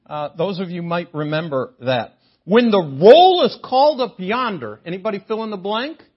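Older man preaching, husky and lively. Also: high-pitched, moderate pace, lo-fi sound. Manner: animated, joking with the congregation. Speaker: guest preacher. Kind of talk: sermon. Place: chapel sanctuary.

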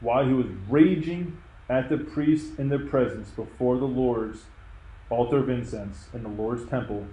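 A man's voice: medium pitch, moderate pace, mellow, reverberant, a little hiss or hum, rough recording. A man preaching a sermon, earnest and emphatic in a conversational way. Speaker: pastor. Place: church.

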